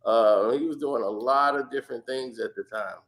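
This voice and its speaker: A man's voice: medium pitch, normal speed, a bit bright. A man in casual podcast chat, telling stories animatedly, acting out quotes and laughing often. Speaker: podcast guest.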